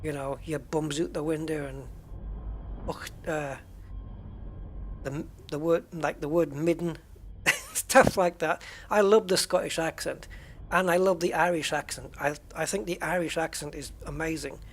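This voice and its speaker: A man's voice: on the high side, fairly even intonation, moderate pace. A British man in his fifties with a British accent, chatting casually and rambling with jokey asides while he plays a space game. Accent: British English. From United Kingdom. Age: 50s. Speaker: gaming streamer.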